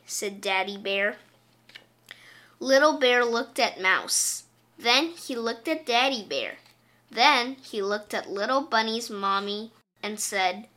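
Slow, bright-voiced woman reading a storybook. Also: fairly high pitch. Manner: slow, clear, gentle. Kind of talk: reading a children's picture book aloud.

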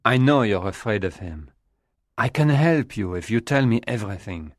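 A man's voice: fairly low pitch, lively intonation, normal speed, no echo, studio quality, natural voice. A man voicing an earnest young man in love who urges and reassures, as an audiobook character voice. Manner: earnest, urging.

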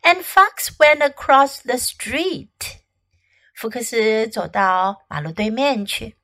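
Casting note: woman teacher narrating a picture book, high, lively voice, unhurried. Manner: slow, expressive read-aloud. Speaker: English teacher. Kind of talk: bilingual storybook reading.

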